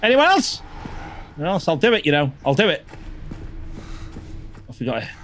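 A man's voice: fairly high pitch, lively intonation, a little fast, slight background noise. A man livestreaming a game. He chats to viewers and swears and yelps when something jumps out. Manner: chatty, swears and yelps at sudden scares. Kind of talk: live gameplay commentary.

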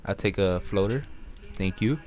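A man giving casual, excitable commentary while playing a basketball video game, swearing and trash-talking. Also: lowish voice, moderate pace. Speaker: gameplay commentator.

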